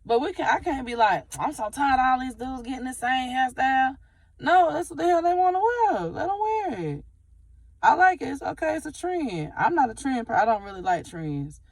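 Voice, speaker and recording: A woman's voice: high-pitched, expressive, normal speed, dry recording. Woman hairstylist, casual vlogger, candid and chatty, occasional swearing, dry close mic. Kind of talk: casual talk to camera.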